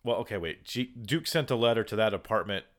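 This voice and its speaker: A man with a fairly low voice recaps a movie on a casual podcast. He talks in an animated, storytelling way, acting out lines and tossing in sarcastic questions. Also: a little fast. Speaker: podcast co-host.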